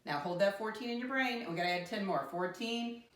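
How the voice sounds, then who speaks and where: A woman's voice: mid-range voice, a little fast. A woman teaching a math lesson to young children in a sing-song teacher voice, counting aloud and calling them "my friends". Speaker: first grade teacher. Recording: roomy sound from a distant mic.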